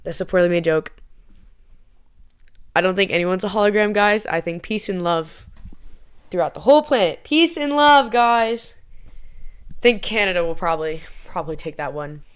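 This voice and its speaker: A woman's voice: on the low side, brisk, long pauses, smooth. A young American woman vlogging in a playful, self-mocking, chatty way. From United States. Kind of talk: casual chat.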